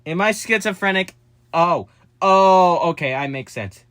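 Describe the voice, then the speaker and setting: A man chatting casually and excitably to his viewers, jumping from topic to topic with quick asides and jokes. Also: high voice, smooth. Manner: addresses viewers as "guys", quick asides and joking. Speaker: vlogger. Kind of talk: casual rambling vlog chat to viewers.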